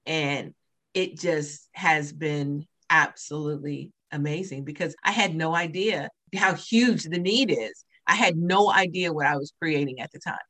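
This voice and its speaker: A woman with a lowish voice and a bright, forceful edge tells her story as an interview guest. She talks casually and animatedly, slipping into the voices of people she quotes. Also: measured pace. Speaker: guest, breast cancer survivor; church minister.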